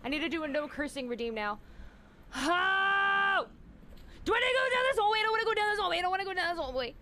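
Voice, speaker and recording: A woman's voice: extremely high pitch, lively intonation, quick pace, noisy background. A woman streamer, giving jumpy live commentary on a horror game, shrieking in fright and chatting with her viewers.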